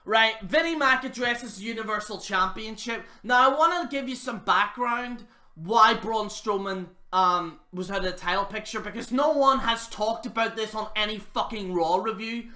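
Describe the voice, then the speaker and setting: A man's voice: high voice, moderate pace, sharp tone. A man hosting his channel, giving a rambling, profane and mocking review of a wrestling show. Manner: swears freely, rambling and mocking. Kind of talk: casual profane review rant.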